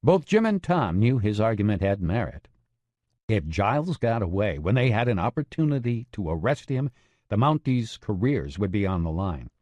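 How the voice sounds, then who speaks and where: A man narrating a true-crime audiobook in a measured, expressive way. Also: fairly low pitch, no echo, dull audio.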